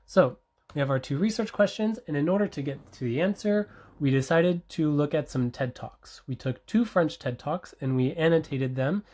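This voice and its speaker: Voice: medium pitch, normal speed, a little mellow. A researcher giving an academic conference presentation, explaining step by step with frequent fillers and self-corrections.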